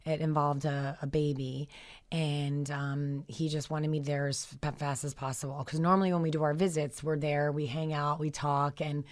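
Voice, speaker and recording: Low-voiced woman telling emotional stories. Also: flat delivery, moderate pace. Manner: emotional, rambling anecdotes with many fillers. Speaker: guest, founder of a therapy dog group. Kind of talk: storytelling in a radio interview.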